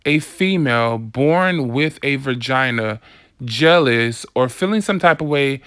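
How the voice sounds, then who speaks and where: A woman's voice: rumbling low, lively intonation, a little slow, clean tone, no room sound, clean studio sound. A woman vlogger delivering a casual commentary rant, sassy, blunt and profane.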